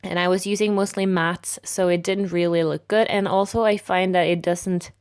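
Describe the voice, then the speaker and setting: A woman with a raspy voice narrating a makeup tutorial in a relaxed, step-by-step way. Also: on the low side, moderate pace. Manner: relaxed, step-by-step explaining with fillers.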